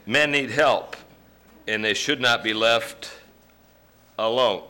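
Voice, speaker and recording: A man preaching a sermon, joking with the congregation and breaking into loud emphasis. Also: mid-range voice, slow, long pauses. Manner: folksy, joking asides with sudden loud emphasis. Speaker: pastor.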